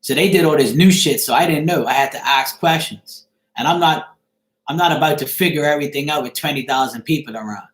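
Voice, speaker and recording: A man's voice: a little high, brisk, a bit bright, echoey room. A middle-aged man chatting casually to viewers on a live stream, rambling and checking if they follow him. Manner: rambling, repeats "you see what I'm saying".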